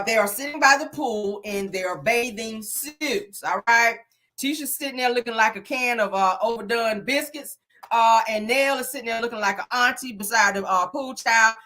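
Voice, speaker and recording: A woman's voice: on the high side, bright, forceful tone. A woman casually recapping a reality show, sassy and gossipy, sprinkling in "honey" and "child.".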